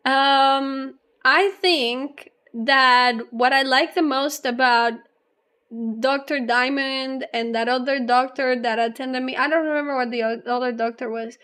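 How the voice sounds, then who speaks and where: A young adult woman streamer chatting casually with her live chat, rambling on at length and laughing often, a little low on energy. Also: steady tone, a little slow, fairly bright tone, clear, resonant tone. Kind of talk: casual livestream chat, reading chat aloud.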